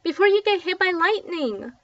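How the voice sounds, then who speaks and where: A woman voicing an urgent male street kid who shouts loudly, recorded dull and a little distant from the mic. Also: very high-pitched, animated, moderate pace, no echo, voice pushed up, heavily acted.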